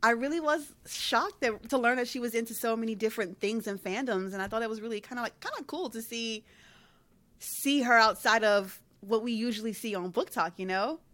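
A woman's voice: on the high side, brisk, fairly bright tone. A woman co-hosting a casual interview podcast, bubbly and encouraging toward her guest. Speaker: podcast co-host.

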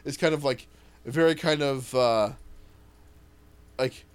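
A man tabletop player in casual chat, telling stories in a rambling, animated way and swearing casually. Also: mid-range voice, slow, clear, resonant tone. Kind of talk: casual podcast chat about a tabletop campaign.

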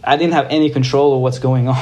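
A young man from Norway, a guest skateboarder, telling a story in a casual, excited way, swearing freely and using lots of fillers. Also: mid-range voice, normal speed.

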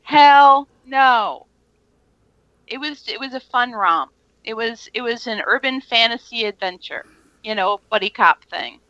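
A woman co-hosting a casual movie chat in a lively, bantering way. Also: fairly high pitch, moderate pace, no echo, dull audio. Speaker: podcast co-host.

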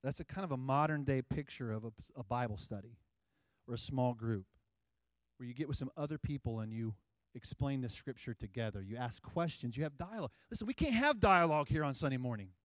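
A man's voice: medium pitch, brisk, darkish tone, dry recording. A man preaching a sermon in church, talking casually with the congregation and building up to emphatic scripture reading. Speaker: pastor. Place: church sanctuary.

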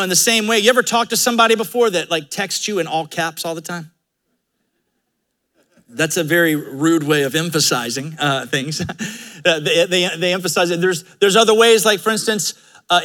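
A man's voice: high voice, sharp tone. A man preaching a sermon as pastor, emphatic and conversational, acting out quoted lines. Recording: live church sermon audio.

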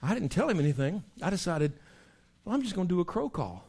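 A man, a pastor preaching in a folksy, animated storytelling way, breaking into animal call imitations. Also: high-pitched, fast talker, breathy edge.

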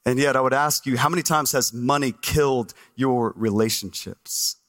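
A man pastor preaching a sermon to a congregation, animated and asking the crowd questions, recorded on a stage microphone in a church. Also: mid-range voice, normal speed. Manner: animated, asks the congregation questions, acts out listeners' voices.

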